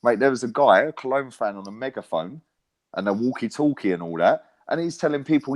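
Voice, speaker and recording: A man chatting about football with a mate. He tells stories with animation, swears freely and keeps checking in with "right?" and "yeah?". His voice sits at an ordinary middle pitch. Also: animated, a little fast, a little mellow. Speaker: co-host, football fan pundit. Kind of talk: casual football chat.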